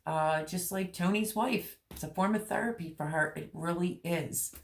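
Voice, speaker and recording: A middle-aged woman hosting a gardening channel, chatting candidly and emotionally with her viewers, rambling with many pauses. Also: on the low side, creaky. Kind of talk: personal vlog chat with live viewers.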